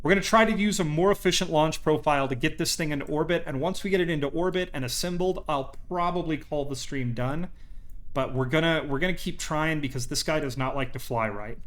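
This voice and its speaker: A man's voice: on the high side, a little fast, a bit bright. A young man casually commentating his gameplay live, chatting to viewers and cheering on his rocket aloud. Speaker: game streamer.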